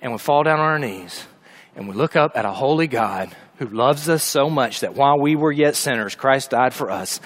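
A man preaching a sermon, telling a funny dog story with lively asides before turning earnest. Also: mid-range voice, moderate pace. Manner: animated storytelling, humorous asides.

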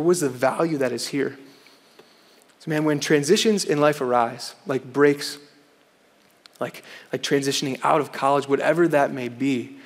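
A young man giving an earnest chapel sermon to students, often saying "man". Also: medium pitch. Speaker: campus chapel speaker. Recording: hall reverb.

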